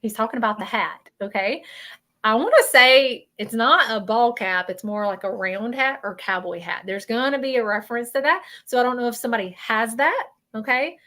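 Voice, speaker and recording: A woman with a Southern American accent giving a live psychic reading, earnest and halting, often stopping to apologize. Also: a little high, bright, forceful tone. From Southern United States. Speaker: psychic medium.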